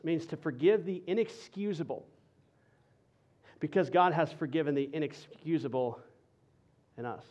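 A male pastor preaching a sermon to his congregation, conversational and energetic, shifting into a soft, earnest intensity. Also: on the high side, highs cut off.

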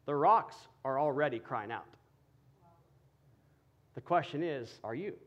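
A male pastor preaching a sermon, building from quiet explanation to loud, passionate emphasis. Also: medium pitch, expressive, measured pace, dull audio. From Texas.

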